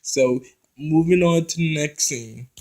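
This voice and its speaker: A man casually recapping a reality TV episode, talking straight to his viewers and tripping over his words when he gets excited. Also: a little high, slow, rough recording. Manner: chatty, addresses viewers directly, restarts and stumbles when excited.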